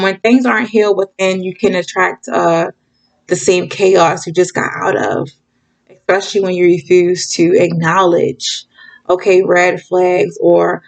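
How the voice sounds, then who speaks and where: Her voice is on the low side and gravelly, captured in a rough recording. A spiritual reader hosting her channel, she delivers candid tough-love advice in a laid-back monologue, often asking "okay?" and addressing "you guys." She picks up speed when excited and voices the people she quotes.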